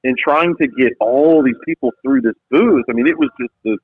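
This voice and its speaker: A man, a business founder and podcast guest, telling a story in lively conversation and acting out quotes in different voices. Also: mid-range voice, moderate pace, no room sound. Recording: tinny phone-like line, dry.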